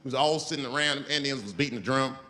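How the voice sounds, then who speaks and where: A man doing stand-up comedy on stage, an animated, profane storyteller whose pitch jumps up for emphasis. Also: very fast. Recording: live show, loud crowd and noise.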